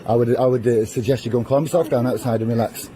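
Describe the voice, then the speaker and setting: Condescending man, rapid and dark. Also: mid-range voice, fairly even intonation. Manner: condescending, lecturing. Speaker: shopper.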